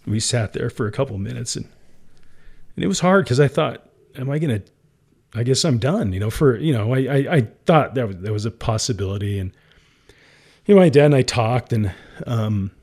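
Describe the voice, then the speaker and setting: Casting: male founder guest, earnest conversational storyteller, medium pitch. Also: a little mellow. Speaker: company founder and CEO, guest. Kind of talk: candid interview storytelling.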